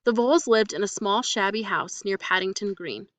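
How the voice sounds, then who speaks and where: A woman reading a mystery story aloud in a steady, even storytelling manner. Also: mid-range voice, moderate pace, far from the mic. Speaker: audiobook reader.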